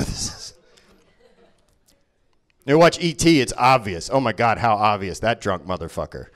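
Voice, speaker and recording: A man doing a stand-up comedy set, profane and mocking, with quick voices for the people he makes fun of. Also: lowish voice. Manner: profane, animated, mocking impressions.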